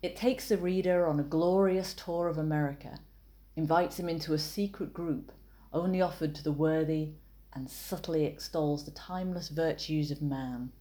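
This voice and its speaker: Woman breaking down ad copy, low voice, dry little jokes. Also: steady tone, warm tone. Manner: measured, analytical, with wry asides. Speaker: copywriting teacher and author. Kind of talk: explanatory talk on copywriting.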